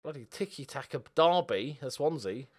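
A young man giving a football video game live commentary, excitable and sweary, moving between quiet muttering and loud outbursts. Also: fairly high pitch, normal speed. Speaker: gaming video host.

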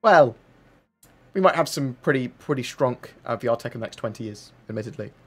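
A man's voice: mid-range voice, lively intonation, fairly quick, breathy edge, faint music behind. A man hosting a casual livestream, reading out viewer questions and answering in a rambling, chatty way with plenty of fillers. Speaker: livestream host.

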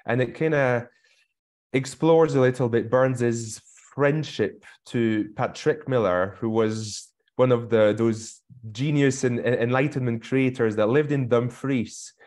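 A man's voice: mid-range voice, fairly even intonation, unhurried, darkish tone. A man introducing a poem over a video call, hesitant, with frequent restarts. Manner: hesitant, many fillers and restarts. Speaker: poet and researcher. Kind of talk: casual spoken introduction.

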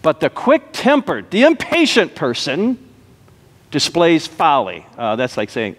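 A male pastor preaching a sermon, telling a joke story, then slowing down to stress key phrases. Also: fairly high pitch, huge pitch swings, fairly bright tone. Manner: storytelling with punchlines, slow emphatic repetition. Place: church sanctuary. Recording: long reverb of a church hall.

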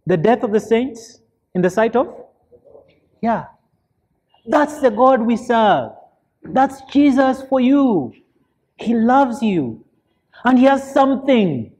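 A man teaching a church Bible study as a deacon, earnest and emphatic, often pausing to ask his listeners to fill in the answer. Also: very high-pitched, very animated, a little mellow, husky. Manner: asks the listeners fill-in questions.

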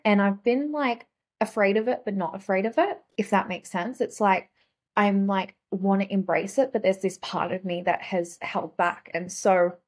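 A young adult woman, a guest on a talk show, telling stories in casual chat with lots of "like" fillers. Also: lowish voice. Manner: chatty, heavy use of "like" fillers. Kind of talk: casual conversational storytelling.

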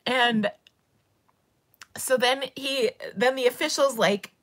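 A woman's voice: high voice, slow pace. A middle-aged woman hosting a casual livestream, emotionally retelling a story and tearing up as she talks. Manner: emotional, tearful retelling with rising excitement. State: crying. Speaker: craft channel host.

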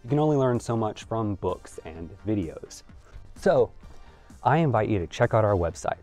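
A young adult man, an acting coach, giving scripted instructional narration in a clear, measured, lightly playful tone. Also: fairly low pitch, lively intonation, a little mellow, faint music behind.

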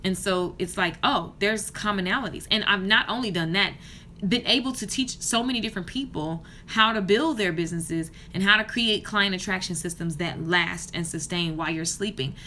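A woman's voice: mid-range voice, normal speed, bright, forceful tone, slight background noise. A woman in her thirties, a hair stylist and business coach, rants passionately and casually to camera in a hotel room. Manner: passionate, fired-up ranting. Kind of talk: casual vlog rant to camera.

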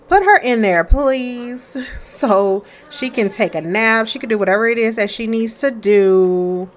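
Playful chatty woman streamer, lively pitch. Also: a little slow. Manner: chatty, playful, talks to her characters. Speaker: let's play streamer. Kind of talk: casual game commentary.

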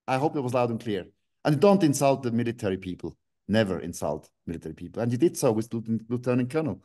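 A man speaks over a video call link. He rants angrily, swears freely and bursts out in sharp, emphatic jabs. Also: medium pitch, expressive, quick pace. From Switzerland. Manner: angry, ranting, swearing, with sudden outbursts. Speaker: guest. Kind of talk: online video call interview.

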